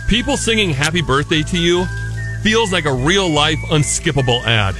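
Jokey high-voiced radio host man. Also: animated, moderate pace, over music. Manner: jokey, does goofy fake accents. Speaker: radio morning show host. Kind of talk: casual radio banter.

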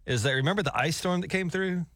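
A man co-hosting a radio show, easygoing and quick to laugh in casual banter. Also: high-pitched, a bit bright, no room sound, studio quality.

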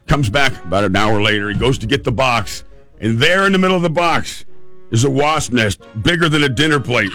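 A man's voice: medium pitch, animated, a little fast, creaky, pushed and bright, soft background music. A man hosting a show, telling a funny story in a casual, chatty way with restarts. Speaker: podcast host.

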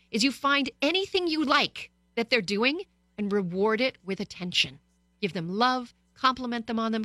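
Woman radio host, bright dry studio voice, chatty advice to listeners. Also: medium pitch, no room sound. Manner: lively, storytelling, direct to listeners. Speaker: radio talk show host. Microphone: studio microphone.

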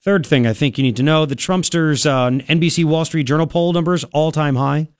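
A man hosting a talk radio show, emphatic and repetitive with quick asides, speaking into a studio microphone. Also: a little high, clear, resonant tone, no room sound. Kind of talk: talk radio monologue with live ad read.

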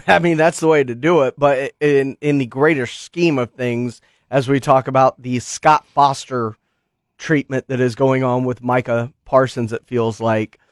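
A man's voice: medium pitch, fairly even intonation, unhurried, no room sound, clean studio sound. Teasing male sports radio co-host. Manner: teasing, asks pointed questions with a chuckle. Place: radio studio. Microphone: studio mic.

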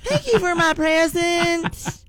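A tiny four-year-old girl squeals her thanks in a high, nasal West Virginian twang, every word drawn out, as a woman puts her on. Her voice jumps far above a grown speaker's and comes out loud. It is recorded dry and close. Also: expressive, slow pace, no room sound, full character voice. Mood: gleeful.

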